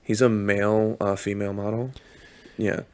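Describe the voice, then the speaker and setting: A man's voice: lowish voice, flat delivery, moderate pace, darkish tone, smooth. A young man co-hosting a podcast, talking bluntly and crudely in a wry, casual chat. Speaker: podcast co-host.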